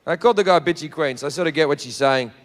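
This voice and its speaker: A man with an Australian accent telling a story as a stand-up comedian on stage. He talks in a brash, profane way and builds up to shouts. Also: fairly high pitch, racing. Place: comedy stage before a live audience. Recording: live hall with faint audience.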